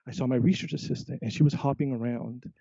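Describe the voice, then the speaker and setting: A man, a podcast guest, telling a story in casual chat, animated and quoting himself often. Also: mid-range voice, fast, creaky, no echo. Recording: dull lo-fi sound.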